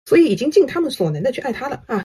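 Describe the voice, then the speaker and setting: A woman commentator picks apart her subject in a brisk, critical manner. She talks at a rapid clip. Her voice is very breathy and husky, and sits a little high. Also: big pitch swings, darkish tone. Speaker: online commentator. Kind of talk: analytical commentary.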